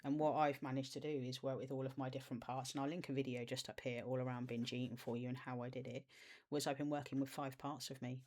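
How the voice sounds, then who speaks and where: A self-help coach talks straight to the viewer about healing the inner child, in a voice pitched neither high nor low. The delivery is soft and nurturing, warmly encouraging, with casual, chatty asides. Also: level tone, fast talker. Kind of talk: self-help video talk to camera.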